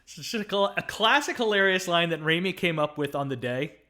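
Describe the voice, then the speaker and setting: Male film podcast co-host with a high, bright tone who laughs and quotes lines. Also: lively intonation, fairly quick. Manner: laughs often, acts out quoted movie lines. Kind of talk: casual film review chat.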